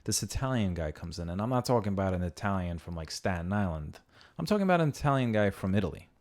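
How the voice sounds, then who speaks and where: A young man with a very low voice hosts a casual podcast. He rambles through stories, swears freely and acts out what other people said. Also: sing-song, fast, a little mellow. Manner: rambling storyteller, swearing, acting out quotes. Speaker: podcast host.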